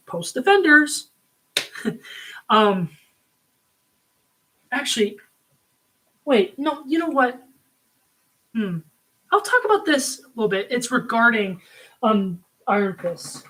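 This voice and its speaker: Guy rambling through a casual review, lots of um and like, bright sharp voice. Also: sits high, rough recording. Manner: rambling, frequent ums and likes. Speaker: video reviewer.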